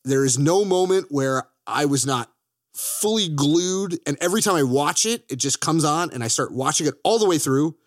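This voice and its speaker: A man's voice: a little high, animated, moderate pace, no room sound, studio quality. A man co-hosting a podcast, chatting enthusiastically about films, joking and swearing. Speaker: podcast co-host. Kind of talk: casual film chat.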